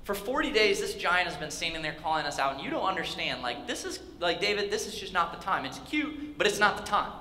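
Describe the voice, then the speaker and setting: A weary, dismissive king, as a young male preacher puts him on. He talks down in a patronizing way with a bright voice. Long reverb from a big hall surrounds him. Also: high-pitched, sing-song, a little fast, few pauses, slight background noise, exaggerated voice. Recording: echoey hall with faint ambience.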